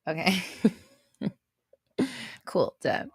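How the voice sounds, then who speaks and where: A woman's voice: mid-range voice, slow, gravelly, no echo, studio quality. A woman hosting a livestream, chatting casually with viewers, reading out their names and laughing often. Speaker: host of a livestream show. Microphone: visible desk microphone on an arm.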